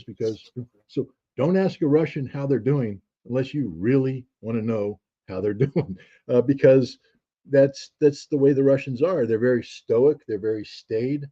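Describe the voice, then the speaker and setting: A man's voice: mid-range voice, normal speed, warm tone, slightly rough, lo-fi sound. A man, a guest on an interview show, telling stories reflectively with frequent restarts and fillers. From United States. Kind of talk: conversational storytelling.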